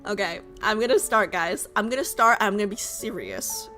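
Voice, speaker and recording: A woman streamer chatting casually with her viewers, self-mocking and repeating phrases as she goes, her voice a little raspy. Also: medium pitch, expressive, moderate pace, sharp tone, faint music behind. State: slightly raspy voice.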